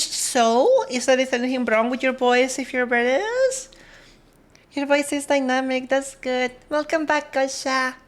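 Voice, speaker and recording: A woman streamer, chatting casually with her viewers and greeting them one by one. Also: high-pitched. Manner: chatty, greets viewers one by one, switches between English and Spanish.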